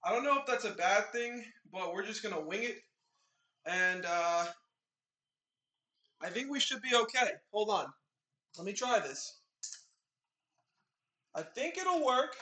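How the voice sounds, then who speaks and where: A young man hosting a live stream from his home kitchen, chatting with viewers in an excitable, rambling way. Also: high voice, slow pace, pauses often. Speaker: livestream host. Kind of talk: casual live-stream chat. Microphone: omnidirectional mic set in the room. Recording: echoey room sound.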